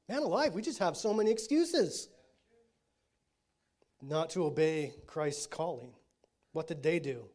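This pastor, fairly high-voiced, delivers an expressive, unhurried sermon with long pauses, speaking conversationally and frequently checking in with his listeners. He shifts from quiet, low lines up to loud, stressed declarations.

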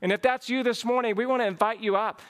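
Fervent preacher man with a high voice. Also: fast, smooth. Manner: fervent preaching, climbing to excited exclamations. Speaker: pastor. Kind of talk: sermon and closing prayer. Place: church service.

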